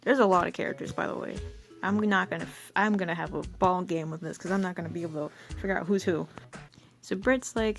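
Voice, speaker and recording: A woman's voice: fairly low pitch, brisk, slight background noise. A young woman rambling through her old comic with self-mocking casual commentary.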